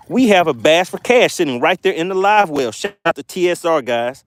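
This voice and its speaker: A man's voice: on the high side, big pitch swings, normal speed, few pauses. A man hosting a live fishing stream from a boat, chatting casually and laughing as he reads viewer comments aloud. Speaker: fishing channel host.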